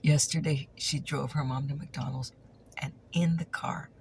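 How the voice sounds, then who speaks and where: A woman's voice: extremely low pitch, steady tone, a little slow, creaky, darkish tone, slight background noise. A woman telling a chatty ASMR story, teasing and repeating her punchlines, sometimes dropping into a whisper.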